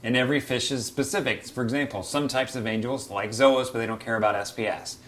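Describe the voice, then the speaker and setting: A man hosting a casual aquarium Q&A from beside his reef tank, chatty and quick to act out little quoted voices. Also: mid-range voice, steady tone, a bit bright, a little hiss or hum. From United States. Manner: chatty, acts out quotes of fish and hobbyists. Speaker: aquarium hobby show host. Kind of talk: casual Q&A explainer.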